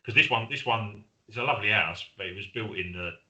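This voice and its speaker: A middle-aged Englishman with a low, very bright and forceful voice, talking casually as a podcast co-host. He rambles through stories and acts out what friends said to him. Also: a little fast, rough recording. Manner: chatty storyteller, acts out quoted friends. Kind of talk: casual chat.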